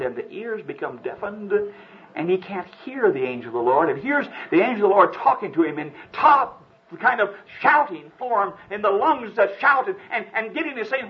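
A male preacher tells a story in an earnest, dramatic sermon. His voice rises and falls in lively swings and sits a little high. The old recording sounds dull and lo-fi.

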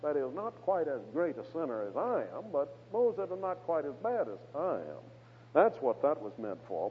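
Husky guy preaching slow and careful, leans hard on the scripture bits, sounds like old radio with a big echoey hall. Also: on the high side, big pitch swings. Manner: measured, emphatic on quoted scripture. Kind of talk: expository sermon. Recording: reverberant hall on a tinny, narrow-band radio broadcast.

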